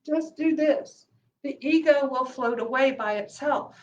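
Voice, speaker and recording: A woman with a high voice gives a casual mindfulness lesson as a meditation teacher. She talks earnestly, repeats her points for emphasis and often softens to a hush. She sits a little back from the microphone. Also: measured pace, muffled recording, a little hiss or hum. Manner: earnest, repeats key phrases for emphasis, often drops to a soft low voice. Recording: voice a little far from the mic.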